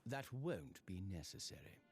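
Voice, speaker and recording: Herlock Sholmes, pompous British sleuth. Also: male voice, sits low, sing-song. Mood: smug. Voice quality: pompous, theatrical, drawn-out delivery. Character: grandiose British gentleman detective, middle-aged man, theatrical. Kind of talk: game voice acting. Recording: game audio under loud music. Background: loud game music.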